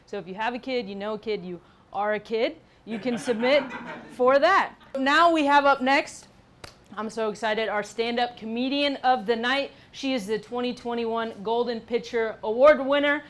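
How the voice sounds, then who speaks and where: An upbeat woman hosting a live comedy show, introducing the next act. Her voice sits a bit high, and her talk is friendly and slightly halting. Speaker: show host.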